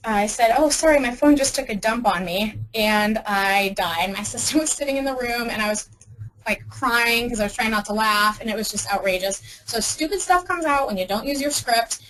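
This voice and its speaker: A woman's voice: mid-range voice, fairly bright tone, a little hiss or hum, poor audio. A young woman giving a casual, upbeat webinar talk with many ums and restarts. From Arizona. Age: young adult. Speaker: webinar presenter.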